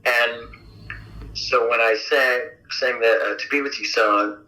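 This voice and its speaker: A man being interviewed as a rock singer, telling stories in a casual, animated way and acting out quotes with big jumps in pitch. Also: takes it slowly, rough recording. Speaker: rock vocalist guest. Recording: radio interview audio.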